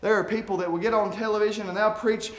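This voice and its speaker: A man preaching a sermon, reading scripture aloud and swinging from quiet musing to shouted peaks. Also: high-pitched, fairly even intonation, fast. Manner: reads scripture aloud in King James wording.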